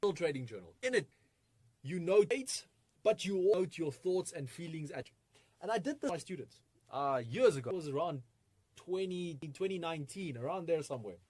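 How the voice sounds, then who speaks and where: A man presenting a live online trading masterclass, energetic and full of rhetorical questions, with frequent chuckles. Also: a little high, a little fast, no room sound.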